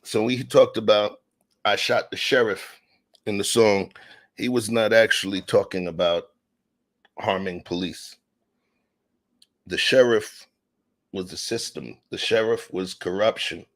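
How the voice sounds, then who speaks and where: A man's voice: on the low side, measured pace, pauses often. A man hosting a casual podcast chat, emphatic and laughing, with lots of 'you know'. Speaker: host.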